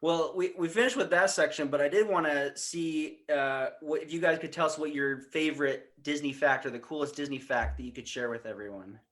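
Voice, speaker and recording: A man hosting a podcast, asking his guests questions in a relaxed, casual way. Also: on the high side, a little fast, hardly any pauses. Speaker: podcast host.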